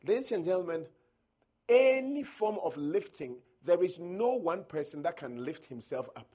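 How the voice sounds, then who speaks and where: A male preacher with a husky voice delivers an emphatic sermon. His pitch sits high and leaps around a lot as he quotes scripture and drives his points home. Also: expressive, normal speed, dark tone.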